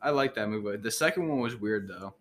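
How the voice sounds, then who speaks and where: A man's voice: lowish voice, animated, a little fast, a loud crowd. A young man chatting casually with friends, rambling and slangy with many filler words. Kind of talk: casual chat.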